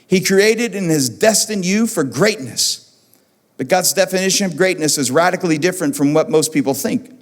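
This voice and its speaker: Man, pastor, lively high-pitched sermon voice, repeats lines for emphasis, long hall reverb. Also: normal speed. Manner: animated, repeats phrases for emphasis. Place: church auditorium.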